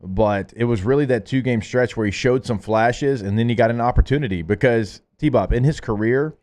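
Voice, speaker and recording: A man co-hosting a sports radio show, chatting quickly and rattling off player stats. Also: medium pitch, darkish tone. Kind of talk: casual sports talk.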